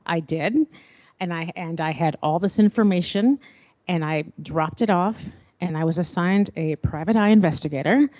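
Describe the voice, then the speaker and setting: A middle-aged woman telling a personal story at a panel, expressive and acting out remembered dialogue. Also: fairly low pitch, moderate pace, no room sound, muffled recording. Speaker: panel speaker.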